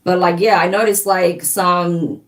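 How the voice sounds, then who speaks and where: A woman in her thirties with a fairly low voice, talking informally to her live-stream viewers. She rambles and leans on filler words as she thinks aloud. Her voice sits a little distant from the microphone. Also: fairly even intonation, a little slow. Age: 30s. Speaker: spiritual reader and live-stream host. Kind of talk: casual live-stream chat.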